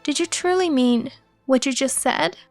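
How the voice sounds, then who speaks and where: A woman voicing a calm, firm elderly male company head of about seventy in a narrated story. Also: sits high, normal speed, dry recording, soft background music. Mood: stern. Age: 70s.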